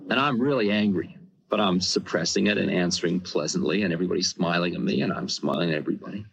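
A man's voice: sits low, fast talker, creaky, a crowd in the background. A man telling a personal story in a rambling, conversational way, often saying "you know". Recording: dull lo-fi recording.

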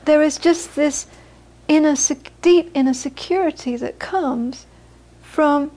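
Brief: high-pitched woman, Buddhist teacher, storytelling talk. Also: slow. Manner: storytelling, animated when quoting, soft and hushed on inner peace. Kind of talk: dharma talk with anecdotes.

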